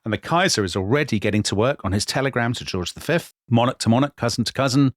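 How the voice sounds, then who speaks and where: A man, a podcast co-host, vividly retelling history in animated chat. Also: mid-range voice, fast, few pauses, no room sound, clean studio sound. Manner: vivid, dramatic retelling with quoted voices.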